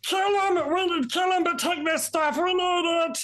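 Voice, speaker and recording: A game master voicing a panicky male goblin captain who yells orders. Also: medium pitch, very animated, measured pace, husky, pitched above the performer's own voice, heavily acted. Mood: frantic. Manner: panicky, shouting.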